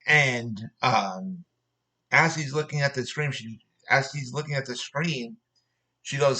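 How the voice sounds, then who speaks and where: A man's voice: medium pitch, a little slow, sharp tone, rough recording. A man telling a personal story as an angry, profane rant, repeating himself.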